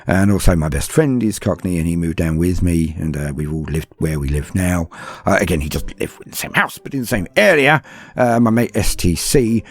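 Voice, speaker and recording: Casting: deep, breathy-voiced English man, BBC English, self-deprecating podcast host answering fan questions. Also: expressive, moderate pace, no room sound. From southern England. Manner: chatty, self-deprecating, rambling asides. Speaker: YouTube narrator answering patron questions. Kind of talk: casual podcast Q&A.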